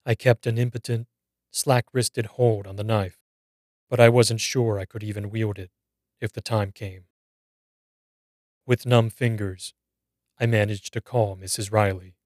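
A man narrating a scripted horror story in a measured, grave reading. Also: on the low side, fairly even intonation, darkish tone, no room sound, studio quality.

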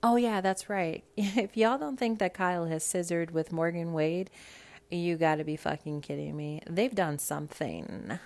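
A young woman hosting a casual reality TV recap, blunt, profane and animated. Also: on the low side, moderate pace. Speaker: podcast host.

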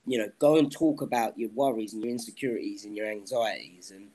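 A man's voice: lowish voice, a little fast, warm tone, rough recording. A man talking candidly as a guest in a casual podcast interview, rambling with frequent "you know"s. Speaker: guest, professional fighter.

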